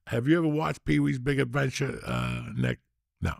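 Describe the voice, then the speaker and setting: A middle-aged man tells a long story on his podcast, cursing freely and getting animated as he goes. His voice is rough and gravelly, and the recording is dry with almost no room sound. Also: medium pitch, moderate pace, dry recording. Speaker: podcast host. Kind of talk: casual storytelling chat.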